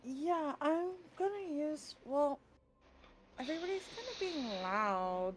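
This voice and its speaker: High-voiced woman at a tabletop game, playful and chatty, lots of noise behind her. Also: expressive, slow pace. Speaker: player. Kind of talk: casual tabletop play.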